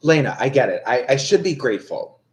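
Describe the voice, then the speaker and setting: A man's voice: medium pitch, sing-song, a little fast. A young man chatting casually on a livestream, ranting in an exasperated way and swearing often. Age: young adult. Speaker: livestream tarot reader. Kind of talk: casual rambling chat.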